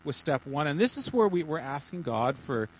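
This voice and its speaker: A man's voice: a little high, sing-song, moderate pace, poor audio. A man leading informal teaching for a small church group, his slightly light voice stumbling through restarts and repeated words. He keeps it chatty with jokey asides. A faint hum sits in the background.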